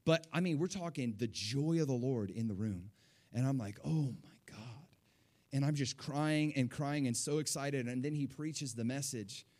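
A man recounting a personal faith testimony, speaking in a medium-pitched voice. He drops to a hush when he quotes himself and climbs into excited outbursts. His delivery is loose and conversational. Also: moderate pace. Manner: animated storyteller who swings between hushed and excited.

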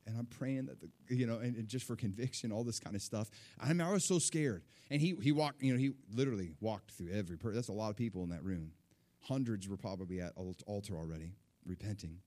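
Male storyteller, mid-range voice, casual testimony, swings from hushed to excited. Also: medium pitch, fairly quick. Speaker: speaker sharing a testimony.

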